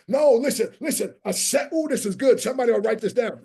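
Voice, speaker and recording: A man's voice: very high voice, lively intonation, fast, creaky, dark tone, breathy edge. A middle-aged man giving an emphatic motivational speech to a live online audience, repeating his key lines and calling out to the chat. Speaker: motivational speaker.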